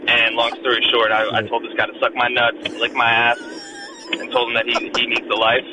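A man's voice: medium pitch, little pitch movement, brisk. A man telling a rambling, profane story full of fillers, recorded casually. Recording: dull lo-fi recording with noise.

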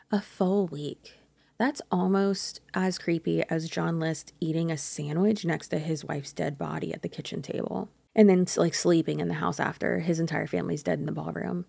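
Chatty woman with a gravelly voice. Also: fairly low pitch, warm tone, no room sound. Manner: chatty, speculative, self-correcting. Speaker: true crime podcast host. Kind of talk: casual true crime narration.

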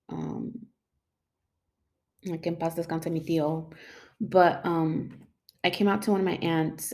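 A woman's voice: fairly low pitch, darkish tone. A young woman speaking mixed in, telling a personal story in a rambling, casual way many fillers and emotional moments.

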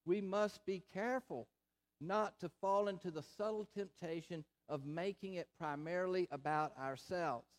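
A pastor delivering a sermon in a slow, deliberate way, with emphatic repetition. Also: male voice, sits high.

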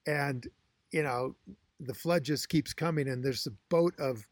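A middle-aged man co-hosting a podcast, telling rambling stories in a casual, animated way. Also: mid-range voice, unhurried, no room sound. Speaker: podcast co-host. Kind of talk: casual chat.

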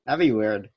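A man's voice: on the low side, a little mellow, breathy edge. A young man co-hosting a podcast in casual chat, giggly and rambling with lots of fillers. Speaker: podcast co-host.

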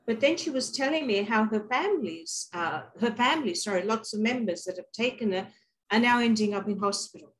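A woman's voice: on the high side, animated, brisk, rough recording. Chatty Australian woman telling a story. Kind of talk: casual chat.

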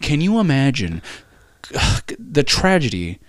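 Animated, swearing young man on a podcast. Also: mid-range voice, slow, no room sound. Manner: animated, swearing, joking, breaks into song. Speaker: podcast co-host. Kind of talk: casual chat.

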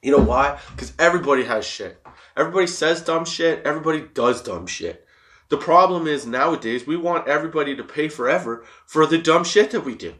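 A man's voice: fairly high pitch, animated, fairly quick, fairly bright tone. A young man hosting a podcast, talking casually and rambling, swearing a lot and laughing often. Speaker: podcast host. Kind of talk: casual stoner monologue.

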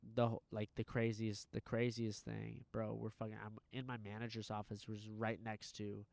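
A man in casual chat, telling a story in an animated, profane way with lots of fillers. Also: on the low side, moderate pace, gravelly, no room sound.

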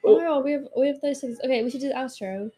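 A woman's voice: sits high, rapid-fire, mellow. A young woman co-hosting a casual chat, trading playful, giggly banter. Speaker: co-host.

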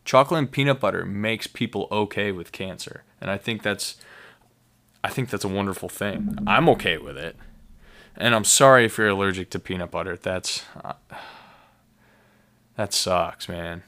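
A man's voice: low voice, moderate pace, a bit bright. A man hosting a casual solo podcast, rambling enthusiastically with many fillers and restarts. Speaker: podcast host.

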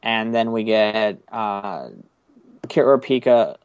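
Man, low voice, rambling, lots of ums, dry muffled recording. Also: slow, clean tone, dry recording. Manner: rambling, many uh and um fillers. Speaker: podcast host. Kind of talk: casual chat recapping an episode.

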